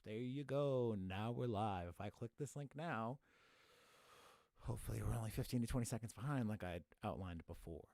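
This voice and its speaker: A man's voice: lowish voice, moderate pace, gravelly, darkish tone, no echo, clean studio sound. A young man hosting a live podcast from home, chatting casually in a rambling way with lots of fillers. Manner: laid-back, rambling, many fillers. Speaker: podcast host.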